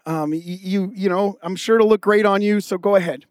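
A man voicing a calm, agreeable husband on the phone who says yes to everything. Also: sits high, brisk, smooth, no echo, studio quality, natural voice. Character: generous easygoing husband on the phone.

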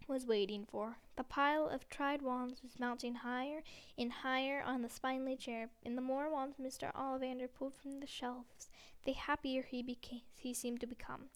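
A woman reads a novel aloud as narrator, plainly and steadily. Her voice is high and smooth, clear on every word. She stumbles now and then and corrects herself mid-sentence. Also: fairly even intonation, moderate pace. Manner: plain reading with frequent slips and self-corrections. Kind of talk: audiobook reading of a novel.

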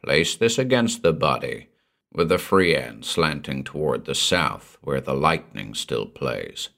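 A cruel masked villain, as a man reads him out, who gives orders in a harsh, clipped monotone from a deep, low register. He sounds slow and cold, indifferent to anyone around him, like the villain of a storybook. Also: gravelly, full character voice. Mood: cold commanding. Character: cruel arrogant male villain in a red devil mask. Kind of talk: audiobook character voice.

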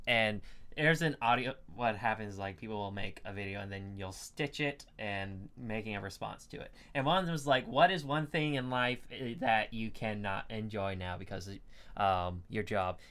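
A woman's voice: extremely low pitch, normal speed, a bit bright. A woman co-hosting a podcast, chatting casually with short replies and wry remarks. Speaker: podcast co-host. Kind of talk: casual chat.

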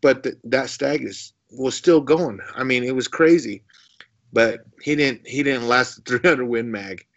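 A man of middle pitch tells a long story as a podcast guest. He rambles, doubles back on his words and chuckles often. The recording sounds dull and lo-fi. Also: a little slow, vocal fry, fairly bright tone. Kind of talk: casual storytelling.

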